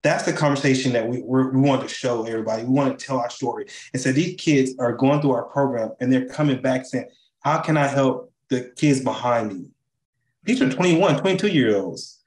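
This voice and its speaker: A man speaks with animated enthusiasm as an interview guest, often ending thoughts with a quick "right?". His voice sits in the middle of the male range. The remote call audio sounds roomy and reverberant. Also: mid-range voice. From Chicago. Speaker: charity CEO and co-founder, guest. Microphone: video call.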